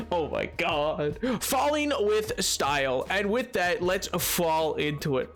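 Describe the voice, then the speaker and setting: A man's voice: high-pitched, big pitch swings, moderate pace, gravelly, faint music behind. A man live-streaming a game, chatting playfully and joking with his viewers. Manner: playful and joking, talks to chat. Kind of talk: casual live-stream chat while gaming.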